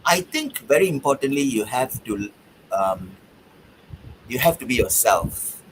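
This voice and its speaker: A man who is a stand-up comedian, answering interview questions in an animated, joking way. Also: mid-range voice, measured pace, a little hiss or hum, low-quality recording. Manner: animated, joking, excitable bursts. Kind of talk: interview conversation.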